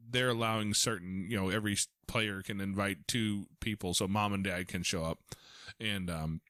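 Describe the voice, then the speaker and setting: A man's voice: fairly low pitch, no room sound, clean studio sound. A man hosting a podcast as a foster parent, telling stories casually with lots of restarts. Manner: storytelling, animated, frequent restarts.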